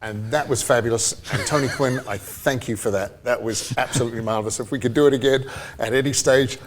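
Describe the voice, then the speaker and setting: A man's voice: medium pitch, fairly even intonation, fairly quick, slight background noise. A man from New Zealand co-hosting a motorsport podcast, rambling and chatty, often laughing. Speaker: podcast co-host. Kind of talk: casual chat.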